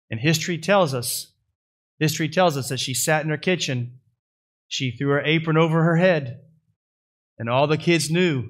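A male pastor preaching a sermon with folksy asides, building to loud, high-pitched swells at the climaxes. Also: moderate pace, pauses often.

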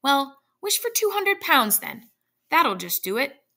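A woman reading the lines of a playful, teasing young man with a lively, joking delivery. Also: sits high, measured pace, voice pushed up, full character voice.

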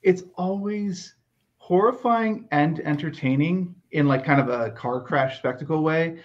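An American man co-hosting a podcast, talking in a measured, wry way and steering the chat. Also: a little high. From United States. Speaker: podcast co-host. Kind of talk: casual chat. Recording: slightly dull lo-fi sound.

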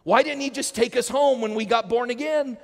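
A man's voice: very high-pitched, brisk, gravelly. A male pastor preaching a sermon, calling the congregation to repeat lines after him. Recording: long hall reverb.

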